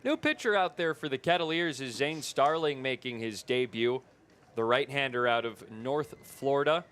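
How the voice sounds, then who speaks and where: A man's voice: mid-range voice, moderate pace, fairly bright tone, slight background noise. A man with a Midwestern accent calling baseball play by play, his voice jumping up on big plays. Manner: rises sharply on big plays. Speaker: play-by-play broadcaster.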